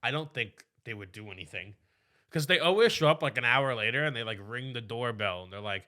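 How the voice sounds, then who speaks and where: Young man with a bright, tense voice. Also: medium pitch, lively intonation. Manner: joking anecdotes, quick asides. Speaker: podcast co-host. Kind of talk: casual chat.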